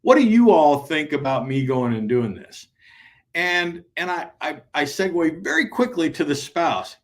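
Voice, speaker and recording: A man co-hosting an advice podcast, talking in an animated way, acting out imagined conversations and checking in with "right?". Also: a little high, measured pace. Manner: peppers sentences with "right?". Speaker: podcast co-host and transition advisor.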